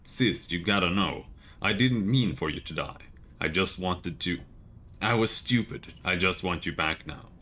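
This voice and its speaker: A man's voice: deep voice, measured pace, pushed and bright, full character voice. A man reading aloud the lines of a grief-stricken young man who is pleading and sobbing as he relives his sister's death. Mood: remorseful. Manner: sobbing, pleading, rising to cries.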